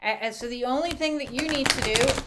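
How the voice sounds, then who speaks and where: A woman doing a casual spiritual oracle card reading, animated, laughing often and using many filler sounds. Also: high voice, a little fast, very noisy.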